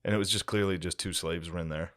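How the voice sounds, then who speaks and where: Low-voiced man telling a deadpan story. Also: fast, no room sound, studio quality. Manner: deadpan, profane storytelling with dramatic build-ups. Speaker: podcast co-host. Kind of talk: casual storytelling chat.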